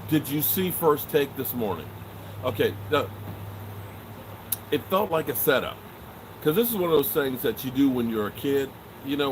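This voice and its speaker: A man's voice: medium pitch, background noise. A middle-aged man hosting a sports live stream and joking his way through the chat in a loose, casual manner. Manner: joking, animated, swears and trails off often. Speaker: sports show host answering live chat.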